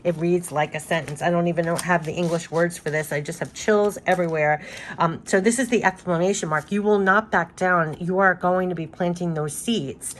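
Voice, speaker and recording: Lower-voiced woman giving an emphatic card reading. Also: fairly even intonation, moderate pace, a little hiss or hum. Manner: repetitive, emphatic and reassuring; loose and rambling with many restarts. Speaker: tarot card reader.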